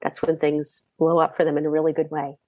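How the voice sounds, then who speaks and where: A middle-aged woman from the Boston area, a mindset coach telling stories as a guest in a chatty, animated way. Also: low voice, fairly quick, dry recording. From Boston area, USA. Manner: animated, chatty, frequent fillers. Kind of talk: conversational storytelling.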